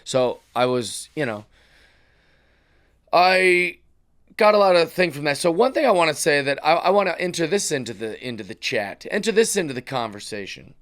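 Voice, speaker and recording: A man's voice: fairly high pitch, normal speed. Ranting male comedian podcast host. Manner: animated ranting with mocking voice impressions. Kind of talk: casual monologue.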